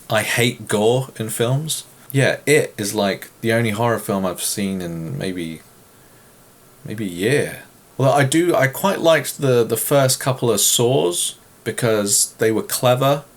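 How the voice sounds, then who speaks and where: A man from England with an English accent, chatting casually as he answers viewer questions, joking and self-deprecating. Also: mid-range voice. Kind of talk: casual Q and A chat.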